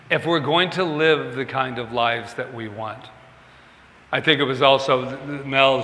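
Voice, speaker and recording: In a church sanctuary with long hall reverb, a male minister with a fairly high, sharp-toned voice delivers a conversational, self-mocking sermon. He acts out quoted dialogue as he goes.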